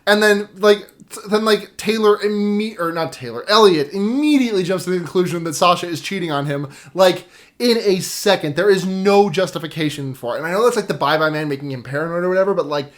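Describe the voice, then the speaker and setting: A woman's voice: lowish voice, brisk. A woman co-hosting a podcast, recapping a movie in loose, joking chat and laughing often. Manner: jokey, rambling, laughs often. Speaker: podcast co-host.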